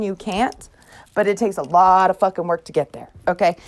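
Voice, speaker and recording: Mom vlogger ranting, swears a lot, fired-up pep talk, mid-pitch woman's voice. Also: brisk, no room sound. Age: adult mother. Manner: blunt, profane, emphatic pep talk. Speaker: host. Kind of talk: motivational vlog monologue.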